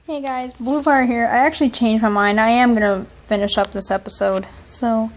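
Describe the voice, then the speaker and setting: A woman YouTuber talks through a cartoon in a loose, chatty way. Her voice sits high, and she laughs often and breaks into excited little exclamations. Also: normal speed, a little hiss or hum. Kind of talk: casual reaction commentary.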